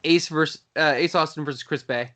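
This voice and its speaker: A man co-hosting a casual wrestling chat, lively and acting out quotes. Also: fairly high pitch, brisk. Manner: lively recapper who acts out quotes. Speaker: podcast co-host.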